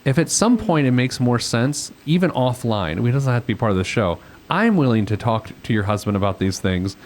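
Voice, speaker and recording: Male podcast host giving money advice, mid-pitched, loose and rambling delivery with ums and restarts. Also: lively intonation, a little fast. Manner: rambling, warm-hearted, self-deprecating, many fillers. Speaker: financial planner and podcast host. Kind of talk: casual advice chat.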